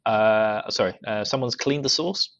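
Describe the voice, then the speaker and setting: A British man chatting loosely as a podcast co-host, breaking into laughter between jokes. His voice sits at a middle pitch and comes through a slightly dull, dry microphone with no room sound. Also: unhurried, creaky, fairly bright tone, no echo. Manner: laughs often, joking. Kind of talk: casual banter.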